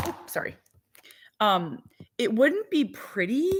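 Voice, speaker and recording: A woman's voice: a little high, sing-song, takes it slowly, breathy edge. A woman in her forties chatting casually to viewers as a vlogger and mother of four, rambling with lots of "like". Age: 40s. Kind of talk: casual chat to live viewers.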